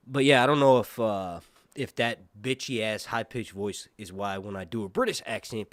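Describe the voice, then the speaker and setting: A man with a nasal voice hosts a casual trailer breakdown, seated and talking in a rambling, animated way with many fillers and asides. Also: lowish voice, normal speed, no room sound. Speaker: host. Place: seated indoors.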